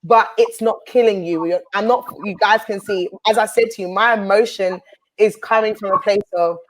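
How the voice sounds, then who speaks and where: A woman's voice: medium pitch, fairly even intonation, normal speed, rough recording. Earnest woman host giving testimony. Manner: earnest, preaching cadence. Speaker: host and minister. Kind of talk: heartfelt personal testimony.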